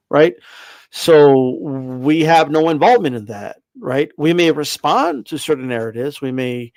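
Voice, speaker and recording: A man's voice: medium pitch, a little mellow, no echo. A man hosting a boxing livestream, ranting in a brash, profane, emphatic way and repeating himself for effect. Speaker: boxing channel host. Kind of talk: livestream rant.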